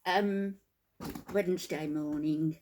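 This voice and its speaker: An older woman, softly spoken and tired after a sleepless night, chatting to her viewers in a halting way with many ums. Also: low voice, fairly even intonation, slight background noise. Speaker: vlogger. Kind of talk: casual chat to camera.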